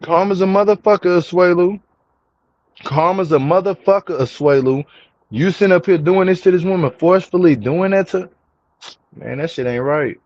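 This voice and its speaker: A young reality TV commentary vlogger talks to his viewers in slang in a casual vlog, repeating himself for emphasis as he grows angry. His voice is high-pitched and a little mellow at normal speed, captured in a dull, dry, lo-fi home recording with no room sound.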